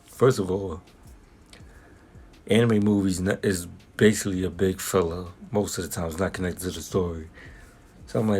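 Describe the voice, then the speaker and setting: A man's voice: sits low, steady tone, moderate pace, long pauses, a little mellow, slight background noise. A young man giving a casual spoken film review, telling stories in a rambling way full of slang and restarts.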